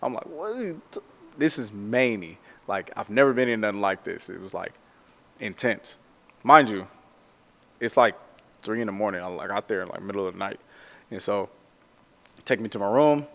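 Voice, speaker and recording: A man who works as a tattoo artist, telling a story in a casual, animated way, full of slang and "like". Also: on the low side, moderate pace, vocal fry, long pauses, in a large hall.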